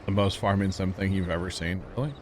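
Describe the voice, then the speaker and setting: A laid-back man talks easily with viewers and fellow players as he livestreams gameplay. His fairly low voice holds a steady tone while he talks fast, with a faint hiss underneath.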